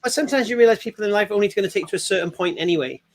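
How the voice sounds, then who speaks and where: A man's voice: high voice, very fast. A man telling stories animatedly in a casual group chat. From England. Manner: animated storyteller, acts out quoted voices. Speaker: panel guest sharing stories.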